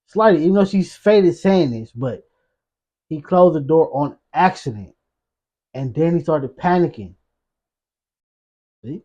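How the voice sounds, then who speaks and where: A man hosting a reaction video, talking back to the clip in animated, slangy casual commentary. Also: on the high side, a little slow, long pauses.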